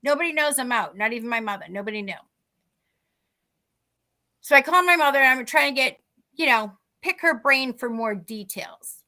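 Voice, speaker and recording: A woman co-hosting a podcast, telling a story in a lively, chatty way and acting out the dialogue. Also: high-pitched, moderate pace, long pauses. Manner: animated, acts out quoted dialogue. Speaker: podcast co-host. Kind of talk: casual storytelling.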